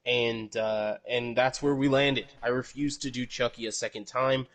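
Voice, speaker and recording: A man's voice: mid-range voice, steady tone, normal speed, a crowd in the background. A man hosting a casual podcast, rambling and correcting himself, swearing freely. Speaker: podcast host.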